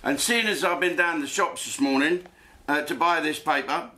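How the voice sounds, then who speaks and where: A man's voice: a little high, normal speed, pushed and bright, a little hiss or hum. A man hosting a comedic rant from his home den, crude and rambling, swearing freely. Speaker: host.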